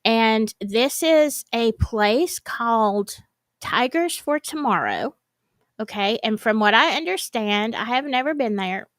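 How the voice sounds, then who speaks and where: A woman's voice: fairly high pitch, lively intonation, slow, a bit bright, no echo. A woman, hosting a casual, rambling chat and laughing often. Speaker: host. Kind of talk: casual chat to a live audience.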